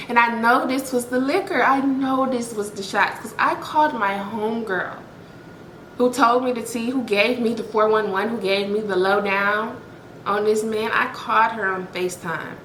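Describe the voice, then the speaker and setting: A woman's voice: fairly high pitch, fairly even intonation, moderate pace, a bit bright, roomy sound, a little hiss or hum, rough recording. A young woman vlogger telling a dramatic personal story straight to her viewers, blunt and profane.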